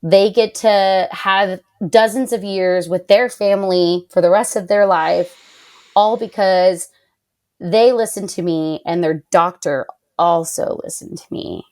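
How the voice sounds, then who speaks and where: A young woman talks through a hard personal story as a podcast guest, with an average pitch. She is animated and fills her speech with "like," and when she quotes other people she jumps into a higher, livelier voice. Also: a little slow. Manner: animated, heavy use of "like", quotes others in raised voice. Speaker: podcast guest, patient advocate.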